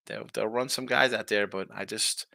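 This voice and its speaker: Man, sports betting host, casual chat, animated, reads viewer comments, forceful voice. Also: fairly low pitch, normal speed, vocal fry, no echo, clean studio sound. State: tired, yawning.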